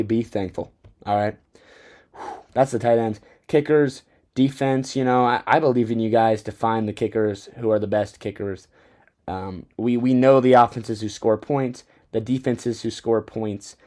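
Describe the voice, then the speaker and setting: Give me a young man hosting a sports podcast, excitable and rambling, full of restarts. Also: medium pitch. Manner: rambling, self-interrupting, excitable. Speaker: podcast host. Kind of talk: fantasy football podcast talk. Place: Bozeman, Montana.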